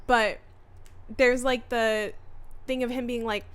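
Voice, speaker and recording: A woman's voice: on the high side, steady tone, slow pace, fairly bright tone, smooth. A young adult woman co-hosting a casual book podcast, gushing and giggling as she quotes favorite lines. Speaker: podcast co-host.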